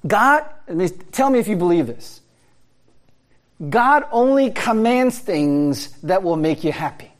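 A man's voice: high-pitched, animated, unhurried. A man preaching a sermon in a conversational way, asking his listeners rhetorical questions and laughing now and then. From America. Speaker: pastor.

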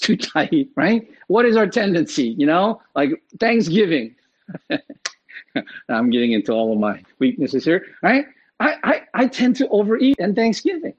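A man preaching a sermon in a conversational, animated way, often checking in with "right?". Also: on the high side, husky, dull audio. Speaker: pastor.

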